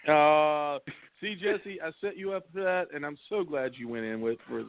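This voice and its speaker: A man's voice: fairly high pitch, moderate pace, no room sound. A man co-hosting a casual comedy podcast, reacting with dry, mock-serious asides. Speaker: podcast co-host. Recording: tinny phone-like audio, faint noise.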